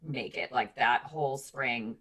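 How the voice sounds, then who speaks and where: A woman's voice: measured pace, husky. A woman in her forties talking candidly in a casual podcast chat, with lots of fillers. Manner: candid, chatty, many fillers like "like" and "um"; animated mimicry of her kids in high voices. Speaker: podcast co-host.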